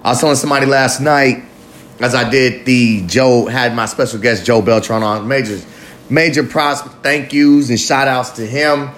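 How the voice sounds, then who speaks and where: A man's voice: medium pitch, fairly even intonation, normal speed, a bit bright, a little hiss or hum. A man hosting a live recovery talk show, talking loosely and profanely in a confessional monologue, sometimes drawing out his words. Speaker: podcast host.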